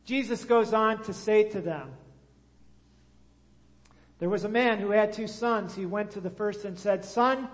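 A male pastor with a notably high voice delivers a sermon at an unhurried pace. He talks directly to the congregation and leads them in call-and-response. His voice rings out with a long reverb, as if in a large church hall.

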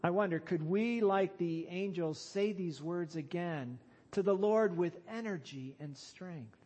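A man with a high voice preaches a sermon at a deliberate, unhurried pace. He leans hard on key phrases and lifts into loud calls. His delivery is earnest and emphatic. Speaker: pastor.

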